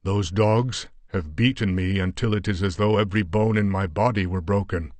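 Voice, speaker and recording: A man voicing a big, battered, pious Afghan warrior who speaks in a croaking voice and formal, old-fashioned phrases. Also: fairly low pitch, normal speed, a little mellow, no room sound, close to an everyday voice. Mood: earnest. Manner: formal archaic speech, fervent exclamations.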